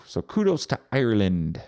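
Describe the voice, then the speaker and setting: Young man from Canada, podcast host, rambling, profane, lively pitch, dry close mic. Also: no echo. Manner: rambling, profane, deadpan asides. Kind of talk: comedic solo podcast monologue.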